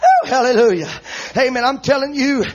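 A male preacher with a strikingly high, husky voice delivers an emotional sermon. He shouts in rhythmic bursts and tags nearly every line with "uh, amen." The intensity stays high and fervent. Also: a little fast, muffled recording. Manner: shouts rhythmic lines, punctuating each with "uh, amen". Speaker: visiting preacher.

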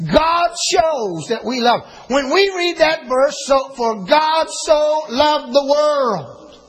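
An older preacher with a strikingly high, husky voice. He moves between homely family stories and emphatic declarations, drawing out key phrases as he preaches. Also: a bit bright, rough recording. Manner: folksy storytelling, rising to emphatic preaching. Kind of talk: sermon.

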